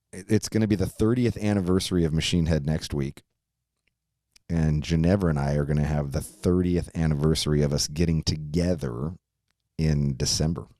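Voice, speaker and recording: A deep-voiced man in his fifties hosts a podcast and tells a rambling personal story, full of swearing and frequent laughter. The sound is dry and close, with no room around it. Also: dark tone, no echo. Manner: rambling, profane, laughs often. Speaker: podcast host. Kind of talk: casual storytelling chat.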